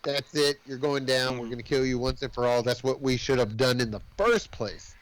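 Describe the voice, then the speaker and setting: A man's voice: mid-range voice, normal speed, pitched below the performer's own voice, natural voice, rough recording. A man voicing a menacing male demon leader in casual chat, swearing and loose. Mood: stern. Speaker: podcast co-host.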